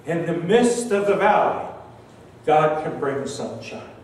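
With a fairly high, animated voice, an older male pastor delivers a sermon built around a slow, earnest personal story, his lines often trailing off gently. Slight background noise is present. He's recorded from a distance in a large, very echoey church sanctuary.

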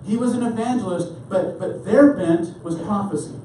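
A man's voice: sits high, moderate pace, a little hiss or hum. Man preaching in an echoey church. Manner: animated, repeats words when starting phrases. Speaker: pastor. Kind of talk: sermon. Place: church sanctuary. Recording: echoey hall, mic far off.

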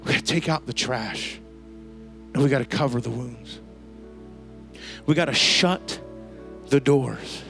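A man preaching a sermon to a church congregation, telling a lively story and using casual slang. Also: medium pitch, unhurried, creaky, pauses often, soft background music. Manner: storytelling, animated, slangy asides. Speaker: pastor. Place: church service before a congregation.

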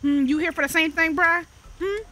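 A woman's voice: very high voice, moderate pace, sharp tone, slight background noise. A woman hosting a gaming channel, giving profane, joking let's-play commentary and talking back to the game characters.

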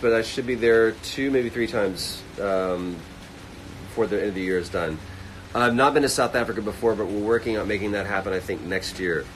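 Low-voiced man chatting on a livestream. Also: fairly bright tone, slight background noise, poor audio. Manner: reads fan comments aloud and answers quickly. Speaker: livestream host answering chat. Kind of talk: casual livestream chat. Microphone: phone livestream.

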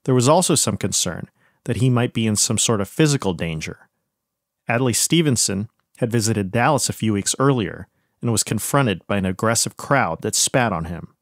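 Guy with a lowish voice telling a history story, calm and even, dry close sound. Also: dry recording. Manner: steady, measured storytelling. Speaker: podcast host. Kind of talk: scripted historical narration.

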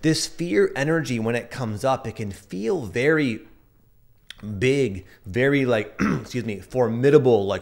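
Reflecting and sharing personal stories, this man in his thirties offers a casual yet earnest astrology update as an astrology and energy reader. He speaks at a measured pace in an animated, medium-pitched voice with vocal fry.

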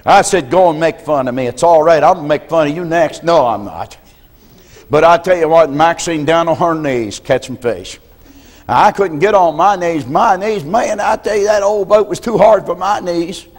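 An older man preaching a sermon as a pastor, telling folksy stories and often clearing his throat. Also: a little high, moderate pace. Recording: reverberant church hall.

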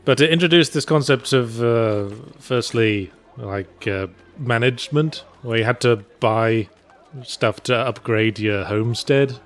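A man's voice: mid-range voice, measured pace, a bit bright, faint music behind. A man co-hosting a casual let's play, explaining the game in a dry, sardonic way. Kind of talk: casual gameplay commentary.

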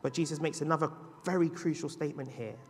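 A man preaches to his congregation in a high, ringing voice. His delivery swings from loud, climbing declarations down to hushed asides. Each phrase trails off into the long reverb of a church hall. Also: fast, soft background music. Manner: dramatic preaching with sudden loud rises and hushed drops. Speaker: pastor. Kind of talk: sermon. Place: church sanctuary.

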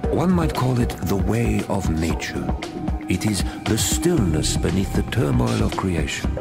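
Calm wise sage in an audio drama, super deep gravelly voice, music behind. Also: male voice, full character voice. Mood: serene. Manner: measured, solemn, philosophical. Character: calm wise man expounding the Tao.

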